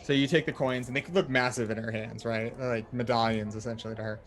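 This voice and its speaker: A man as dungeon master, narrating a tabletop game in a relaxed, rambling way full of fillers. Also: mid-range voice, quick pace. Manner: relaxed, filler-heavy storytelling.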